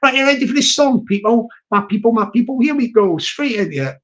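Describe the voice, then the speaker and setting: A man with a very high, animated voice hosts a live stream from London, talking briskly and a bit brightly as he jokes casually with viewers and greets them from the chat. The recording sounds muffled.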